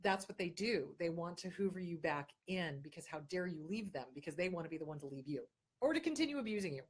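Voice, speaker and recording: A woman's voice: on the low side, animated, fast, slightly rough. Blunt, emphatic woman host. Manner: blunt and emphatic, repeats key points. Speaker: host answering viewer questions. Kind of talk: casual advice talk.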